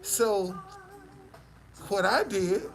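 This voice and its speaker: A man speaks casually and slangily to a crowd, and his pitch swings widely as he tells his story. He keeps restarting his sentences with repeated words. Faint music plays underneath him. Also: big pitch swings, very slow, gravelly, a bit bright. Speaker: motivational speaker. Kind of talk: personal testimony addressing an audience.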